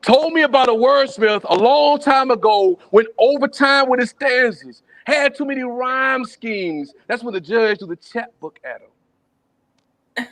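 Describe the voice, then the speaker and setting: Man, spoken word poet, high voice, rhythmic, playful, low murmurs and shouts, video call. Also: a little slow. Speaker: open mic poet. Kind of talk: spoken word poetry performance.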